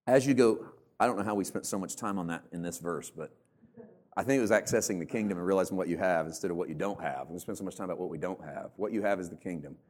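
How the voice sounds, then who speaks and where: Male pastor, lowish voice, humorous self-mocking sermon delivery. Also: fast, darkish tone. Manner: humorous, self-mocking, acts out church members in put-on voices. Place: church.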